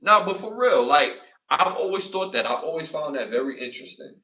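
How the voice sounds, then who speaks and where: Heard from a distance, this podcast host's voice is a little high and a little fast as he gives casual live-stream commentary to his chat. He's animated, says things more than once to drive them home, and performs arguments loudly.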